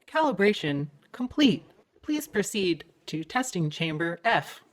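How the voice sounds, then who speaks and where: A man's voice: sits high, sing-song, a little slow, fairly bright tone, pitched above the performer's own voice, heavily acted. A man doing a chirpy automated announcer. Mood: chipper. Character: cheerful automated facility announcer voice.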